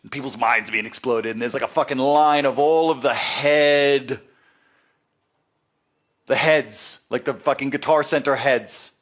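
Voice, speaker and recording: Chill guy rambling through stories on a stream, swears constantly, mid-pitched voice. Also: a little slow, a bit bright. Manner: rambling, heavy swearing, laid-back. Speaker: music producer hosting a live stream. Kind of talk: casual live-stream storytelling. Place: Los Angeles.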